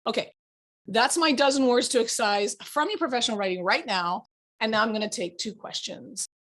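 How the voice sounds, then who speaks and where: A woman law professor giving a lecture, animated and exasperated, teasing her students. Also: on the high side, brisk.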